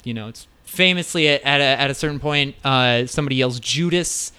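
Male co-host, bright and smooth tone, loose enthusiastic music chat. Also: mid-range voice, fast talker. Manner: enthusiastic, profane, storytelling. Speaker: podcast co-host. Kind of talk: casual chat about music records.

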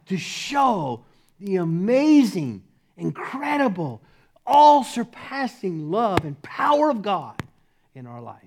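A middle-aged man preaching a sermon as pastor, swinging from loud emphatic commands to soft, hushed lines and laughing often. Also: high-pitched.

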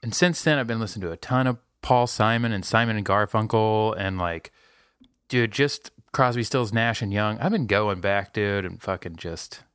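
A man's voice: fairly low pitch, normal speed, a bit bright, clean tone, no echo, studio quality. A man in his thirties co-hosting a comedy podcast, rambling and swearing in casual chat and reading a mock ad. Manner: swearing, rambling, laid-back. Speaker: podcast co-host.

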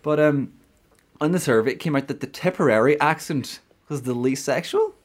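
A man's voice: fairly high pitch, expressive, normal speed. A man hosting a casual chat, upbeat and quizzing his guest. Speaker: podcast host.

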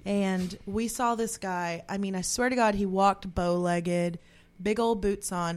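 A woman's voice: medium pitch, steady tone, a little slow. A woman from Texas co-hosting a podcast, telling stories in casual chat. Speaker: podcast co-host.

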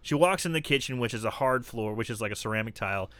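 Bright-voiced man recapping a movie. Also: mid-range voice, quick pace, no echo. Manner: animated storytelling with mocking voices for characters; swears freely. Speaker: podcast co-host recapping a film. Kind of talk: casual movie recap chat.

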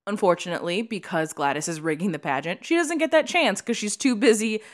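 A woman co-hosting a podcast, chatting casually about a movie, animated and swearing, with lots of "like" fillers. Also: mid-range voice, brisk. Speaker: podcast co-host. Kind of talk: casual chat reviewing a movie.

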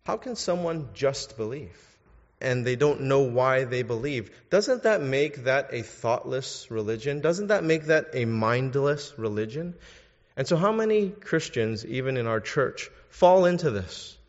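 A man's voice: medium pitch, expressive, moderate pace. A man preaching a sermon, asking his listeners pointed questions and urging them to think. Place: church. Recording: dull sound in a reverberant hall.

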